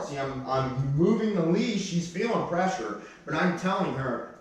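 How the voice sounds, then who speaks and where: A man's voice: fairly high pitch, expressive, a little slow, hardly any pauses, distant mic. A man working as a dog trainer, talking casually while he demonstrates and barks short commands at a dog. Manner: plain-spoken, gives sharp short commands to a dog. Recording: very echoey room, voice from off-mic.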